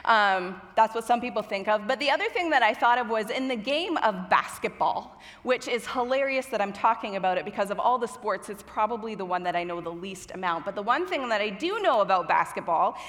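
A woman's voice: medium pitch, animated, a little fast, hardly any pauses, a bit bright, in a large hall. A young woman from children's ministry preaching a sermon on stage, chatty and self-deprecating, a little nervous. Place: church auditorium with stage lights.

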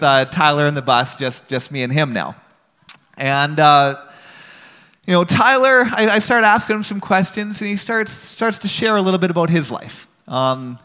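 A man's voice: a little high, a bit bright, in a large hall. A man earnestly telling a personal story to a church audience in a conversational way.

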